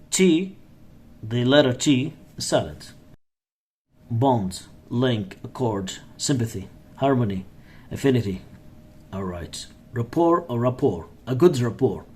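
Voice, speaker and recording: Slow, husky man teaching English words. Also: mid-range voice, a little mellow. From Iraq. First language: Arabic. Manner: repeats words and phrases slowly, adds example sentences. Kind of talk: slow vocabulary lesson, reading and repeating words.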